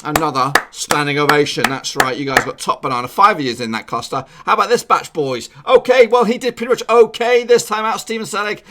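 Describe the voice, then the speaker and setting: A man vlogging his football predictions in a casual, jokey way, shouting out viewers with repeated catchphrases. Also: a little high, brisk, hardly any pauses, slight background noise.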